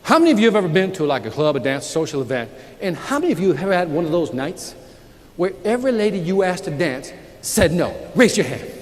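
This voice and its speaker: A high-pitched man talks fast while giving a motivational keynote in a large conference hall, telling energetic stories and calling out to the audience. The hall is echoey with a live crowd, and there's slight background noise.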